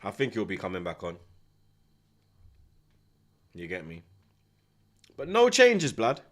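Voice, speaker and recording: A man hosting a live football watchalong, talking in excitable, slang-heavy banter. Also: on the low side, slow. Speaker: host. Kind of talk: live match watchalong commentary.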